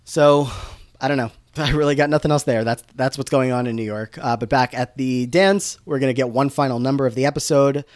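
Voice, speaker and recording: A man's voice: mid-range voice, fairly even intonation, fairly quick, no room sound. A man co-hosts a podcast and recaps the plot casually, full of fillers and restarts. His voice sits mid-range, and the recording is dry and close. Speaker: podcast co-host.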